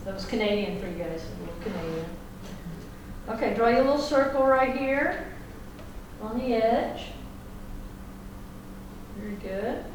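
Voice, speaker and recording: A woman's voice: fairly high pitch, a little slow, long pauses, noisy background. A woman teacher giving a classroom lecture, folksy and chatty, checking in with the class. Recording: echoey classroom from far off.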